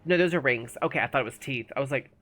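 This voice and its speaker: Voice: medium pitch, racing, fairly bright tone, soft background music. A gaming streamer chatting casually while playing, thinking aloud and sometimes mumbling. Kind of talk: casual live-stream commentary.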